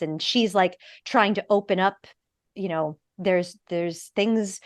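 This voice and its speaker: Woman, podcast co-host, excited casual review chat, mid-pitched voice, dry sound. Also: a little slow, no echo. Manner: gushing, animated, swears.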